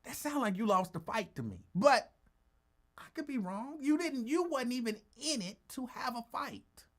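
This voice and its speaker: A man's voice: very high voice, moderate pace. A male radio talk show host telling a story in a casual, teasing way and acting out the quotes. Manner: animated, teasing, acts out quotes.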